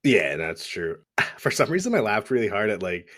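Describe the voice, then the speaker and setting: Man, low voice, relaxed casual movie chat, dry close mic, podcast co-host. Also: normal speed, no echo. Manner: easygoing, recounting scenes with laughs.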